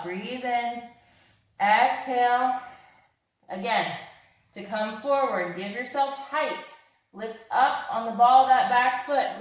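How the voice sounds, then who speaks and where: Upbeat woman instructor, breathless, calling yoga cues in a very echoey room. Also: fairly high pitch. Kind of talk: guided yoga class cues.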